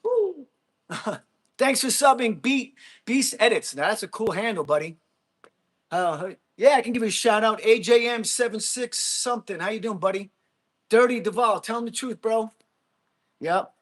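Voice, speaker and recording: Blunt husky-voiced man ranting on livestream. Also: sits high, expressive, normal speed, a bit bright. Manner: blunt, mocking, laughs often. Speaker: livestream host reading chat. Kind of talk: casual livestream rant. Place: gym.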